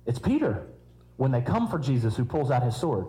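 Male preacher, warm mellow tone, chatty sermon with jokey asides. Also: medium pitch, very animated, normal speed, poor audio. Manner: conversational preaching with humorous asides.

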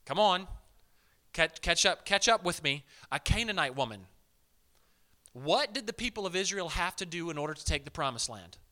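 A man preaching a sermon in a lively, conversational way, with frequent asides to the congregation. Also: a little high, moderate pace. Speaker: pastor.

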